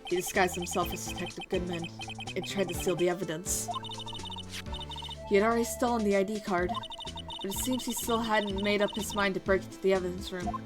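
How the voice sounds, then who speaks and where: A guarded, stern female prosecutor, read aloud by a woman at an even middle pitch. The delivery is measured and stumbles now and then over a word. Game music plays clearly underneath. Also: lightly acted. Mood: grave. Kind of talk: reading game dialogue aloud.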